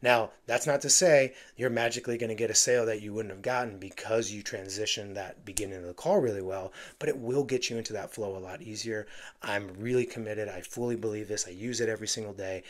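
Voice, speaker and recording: A man's voice: on the low side, fairly even intonation, fast. A man coaching real estate agents on phone sales, talking emphatically and acting out bits of phone calls. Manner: emphatic, acts out phone calls with playful voices. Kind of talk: direct-to-camera sales coaching.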